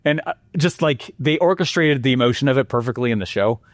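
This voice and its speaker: A man presenting a marketing lesson with energetic, animated storytelling and exclamations. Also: medium pitch, quick pace, no room sound.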